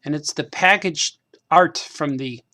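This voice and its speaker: A cartoonist hosting a craft stream mutters to himself while painting toy figures, his voice a little high, measured in pace and sharp in tone. His monologue meanders casually, with repeated phrases and laughs at his own expense.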